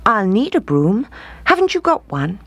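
A storyteller voicing a clever, anxious young girl who asks in a high, strained voice. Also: huge pitch swings, moderate pace, breathy edge, no echo, heavily acted. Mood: pleading.

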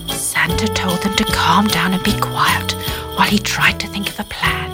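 A woman narrating a Christmas children's story, gentle and expressive. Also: medium pitch, moderate pace. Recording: narration over children's music.

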